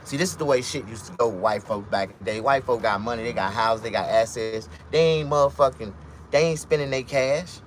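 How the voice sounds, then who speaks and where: A man's voice: mid-range voice, fairly quick, a little hiss or hum. A man delivering a blunt, profane, casual monologue rant as a vlogger, telling stories along the way.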